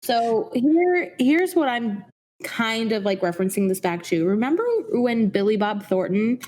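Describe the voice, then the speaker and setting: A woman's voice: fairly high pitch, expressive, a little slow, a little mellow, slight background noise. A woman co-hosting a podcast, chatting casually and wandering through pop-culture references. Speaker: podcast co-host. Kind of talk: casual chat.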